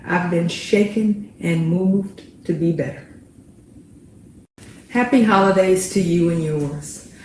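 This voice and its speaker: A woman reads a prepared apology slowly and solemnly. Her voice is mellow and warm. The very echoey room carries a faint hiss behind her. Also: lowish voice. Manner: measured, solemn delivery. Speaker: physician.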